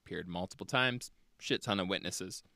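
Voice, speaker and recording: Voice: low-pitched, normal speed, vocal fry, pushed and bright, no echo, clean studio sound. A podcast host in casual conversation who swears freely and laughs often.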